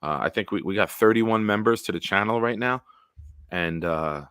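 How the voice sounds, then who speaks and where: A man hosting a casual solo livestream, telling stories in a rambling, animated way with big swings in loudness. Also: fairly low pitch, normal speed, clean tone, dry recording, studio quality. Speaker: livestream host.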